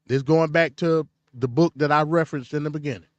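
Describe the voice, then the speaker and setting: A man's voice: on the high side, steady tone, brisk, no room sound, lo-fi sound. Male host, casual political commentary, blunt and opinionated, dry close sound.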